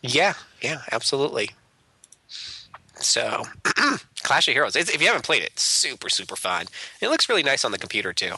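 A man co-hosting a casual podcast, rambling along with lots of filler pauses. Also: mid-range voice, big pitch swings, bright, forceful tone, slightly rough. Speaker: podcast co-host. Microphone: remote call.

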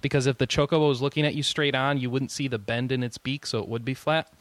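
A man's voice: medium pitch, fairly even intonation, fast, no room sound. A man hosting a podcast in casual chat, rambling with jokey asides and frequent chuckles. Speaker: podcast host.

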